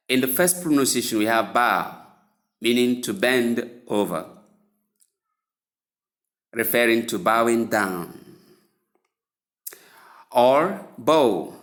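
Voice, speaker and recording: Male pronunciation teacher, unhurried and deliberate, spells words out letter by letter, mid-pitched voice. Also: a bit bright. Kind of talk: spoken English lesson.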